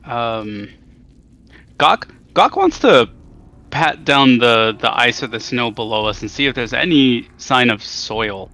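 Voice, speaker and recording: A man's voice: mid-range voice, lively intonation, slow pace, bright, forceful tone. A man playing a tabletop game, playfully describing what his character does. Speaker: player.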